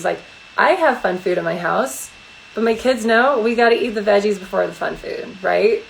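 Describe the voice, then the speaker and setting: Gravelly-voiced mom chatting live. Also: female voice, mid-range voice, a little hiss or hum, low-quality recording. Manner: frank, chatty, full of rhetorical questions. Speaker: live-stream host and aromatherapist. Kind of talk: casual live Q&A chat. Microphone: phone.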